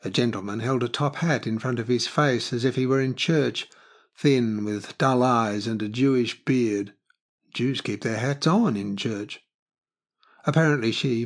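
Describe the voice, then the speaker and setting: Man narrating a literary audiobook. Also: mid-range voice.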